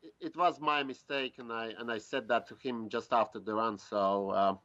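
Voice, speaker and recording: A man whose first language is Latvian, a guest driver on a podcast, talking casually and often pausing to search for words. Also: medium pitch, fairly even intonation, fairly bright tone. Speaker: pro drift driver guest. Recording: dull lo-fi sound.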